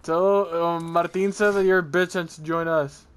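A man's voice: fairly high pitch, fairly even intonation, normal speed, clean tone. A young man in casual gaming voice chat who banters, swears freely and keeps hurrying his friends along. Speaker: gamer in voice chat.

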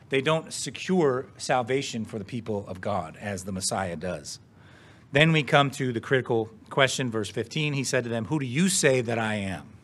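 A male pastor delivers a sermon in a measured, earnest manner, emphasizing key words, posing rhetorical questions and occasionally clearing his throat. His voice is mid-range with a fairly bright tone.

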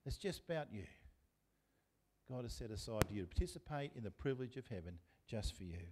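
A man's voice: medium pitch, sing-song, brisk, darkish tone, slightly rough. A man with an Australian accent preaching a sermon as pastor, talking conversationally and putting questions to the congregation. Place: church.

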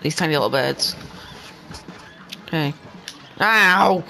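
A young man giving excitable let's-play commentary, talking to the game and to his viewers and bursting into yells. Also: a little high, normal speed, vocal fry, poor audio. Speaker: gaming channel host.

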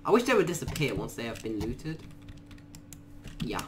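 A man doing let's play commentary, muttering quietly to himself and then bursting into panicked shrieks and swearing. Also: medium pitch, big pitch swings, moderate pace. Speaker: gaming YouTuber.

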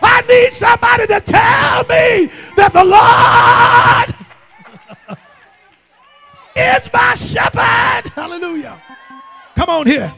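An older man preaching a fiery church sermon, shouting and laughing as he urges the congregation to answer him. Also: very high voice, expressive, slow pace, vocal fry, long pauses, a faint crowd. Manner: shouting, urging the congregation with call-and-response and frequent laughs. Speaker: pastor. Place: church sanctuary.

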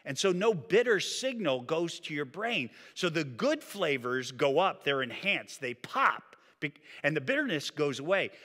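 Male pastor preaching in a church hall. Bright, lively voice with long hall reverb. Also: a little high. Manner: animated preaching, drops to quiet emphasis. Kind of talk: sermon. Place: church sanctuary.

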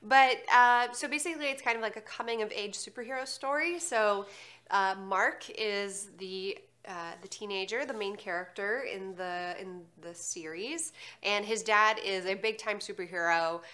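A woman with a congested, nasal voice chats in a casual, upbeat way as co-host. Her tone is bright and forceful, sitting at an ordinary pitch for a woman. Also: moderate pace. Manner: chatty, upbeat storytelling. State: congested from allergies. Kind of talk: casual chat.

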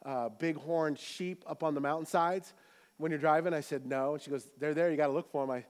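A male pastor preaching a sermon to his church, moving between loud, animated calls to the congregation and relaxed, joking storytelling. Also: on the high side, a little fast. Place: church auditorium.

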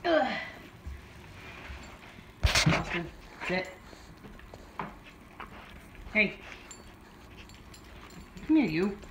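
Slow-talking woman cooing to her dog. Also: medium pitch, big pitch swings, reverberant, heavy background noise. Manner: sing-song baby talk to a pet, gasping with delight. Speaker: vlogger. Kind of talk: casual unboxing chat with her dog. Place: home room.

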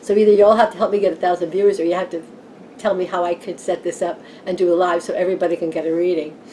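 A woman's voice: fairly low pitch, little pitch movement, rapid-fire, warm tone, a little hiss or hum. Chatty, giggly woman vlogging about tarot. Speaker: tarot channel host. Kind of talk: casual vlog chat. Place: home room with a fan running.

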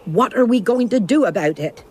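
Voicing an older village witch who is also a mother, this woman sounds a little high, animated and a little mellow, close to her everyday voice, at a moderate pace. The cartoon character is cheerful, bawdy, teasing and gossipy, chuckling along, with slight background noise.

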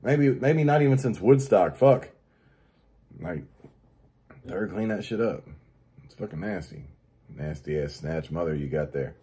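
This host's voice is dark and slightly rough, animated yet a little slow, with frequent pauses. On his own show he rants crudely about daily annoyances, swearing constantly and mocking people through high-voiced impressions.

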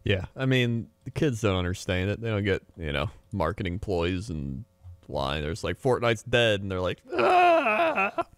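A man's voice: deep voice, normal speed, no echo, clean studio sound. A man co-hosting a podcast, joking in laid-back casual chat. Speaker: podcast co-host.

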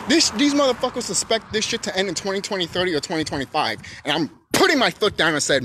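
A man delivering a heated, profanity-laced rant straight to his viewers. His voice sits high and leaps wildly up and down as he pushes his points, now and then bursting into shouts. A faint hiss of noise runs underneath. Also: animated, fast talker, few pauses. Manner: profane, emphatic, swings into shouting. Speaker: YouTube channel host. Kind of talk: unscripted ranting monologue.

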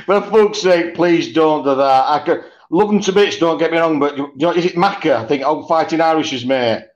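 A man's voice: on the high side, fairly quick, few pauses. A man with a Yorkshire accent, joking and swearing in casual banter on a livestream, laughing often. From born in Ireland, raised in Yorkshire. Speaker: livestream guest. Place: sitting outdoors by a canal. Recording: dull lo-fi stream audio.

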